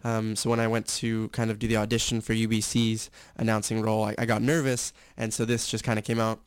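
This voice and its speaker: A young man talking candidly as an interview guest. His voice is smooth and resonant, recorded dry and close, and he rambles with fillers and self-corrections. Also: fairly low pitch, monotone, quick pace, no room sound. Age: young adult. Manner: chatty, candid, full of fillers and restarts. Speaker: guest, stadium announcer and actor. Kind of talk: casual interview chat.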